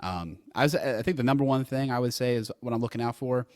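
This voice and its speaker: A man's voice: mid-range voice, quick pace, darkish tone, dry recording, clean studio sound. A man co-hosting a casual sports talk show, speaking in an enthusiastic, rambling way. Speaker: co-host.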